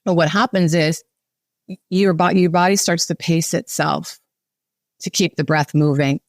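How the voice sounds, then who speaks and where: A woman breathwork facilitator, talking calmly and instructively as she guides a breathing exercise and explains it. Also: fairly low pitch, a little slow, dry recording, clean studio sound. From United States. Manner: calm, instructive, guiding. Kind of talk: guided breathing and podcast chat.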